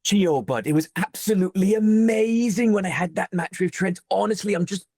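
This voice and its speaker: A man putting on a Welsh accent to imitate an excitable young male wrestler, in a raised and gushing voice. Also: normal speed, husky. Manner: gushing, high and animated.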